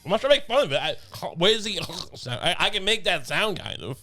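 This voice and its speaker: A young man co-hosting a podcast, talking in a rambling, deadpan comic way with many restarts. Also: high voice, brisk. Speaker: podcast co-host. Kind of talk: casual comedic chat. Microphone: studio podcast mic.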